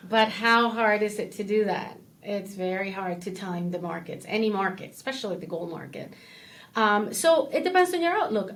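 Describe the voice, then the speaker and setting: A woman who is a portfolio manager, a guest in an interview, explaining things in a measured way. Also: mid-range voice, lively intonation. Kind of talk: casual interview.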